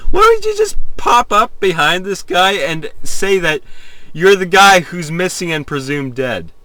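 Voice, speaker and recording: A young man reads strange computer-written stories aloud at an unhurried pace, his pitch leaping around as he stops to question what he just read. His voice is bright and slightly high, and the recording is close and dry. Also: sing-song, dry recording. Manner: reads slowly, breaks into laughter and incredulous outbursts. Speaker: host reading AI-generated stories aloud. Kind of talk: comedic reading with reactions.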